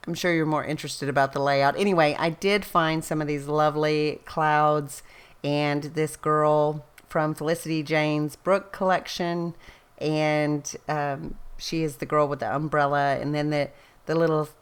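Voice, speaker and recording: A woman's voice: low voice, smooth. A middle-aged woman, a scrapbooking vlogger rambling in casual, chatty storytelling and laughing often. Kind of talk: casual chat.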